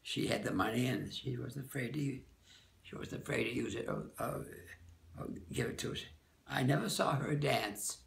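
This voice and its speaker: An older man, a dance teacher, recalling people from the past in a rambling, halting way, often correcting himself. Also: mid-range voice, creaky, roomy sound, slight background noise. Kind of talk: oral-history reminiscence.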